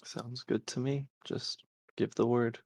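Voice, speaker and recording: Low gravelly male player. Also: steady tone, measured pace, darkish tone, no room sound.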